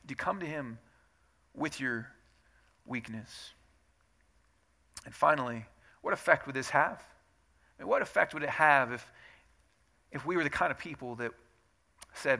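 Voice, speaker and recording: A man preaching a sermon as a pastor, in a conversational way, acting out prayers and quotes and swinging from hushed to loud and emphatic. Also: fairly high pitch, animated, normal speed, long pauses.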